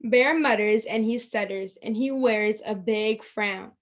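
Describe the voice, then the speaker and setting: Slow, expressive storytime woman. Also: mid-range voice. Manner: slow, expressive read-aloud with pointing asides. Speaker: storytime reader. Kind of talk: reading a picture book aloud to children. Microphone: video call.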